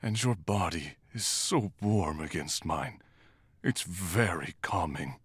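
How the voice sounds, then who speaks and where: A man voicing a gentle, tearful demon-hunting monk in a romantic character audio role-play, talking in a shy, halting, emotional way. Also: deep voice, animated, no echo, full character voice. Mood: tender. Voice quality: soft, husky, slow and tender.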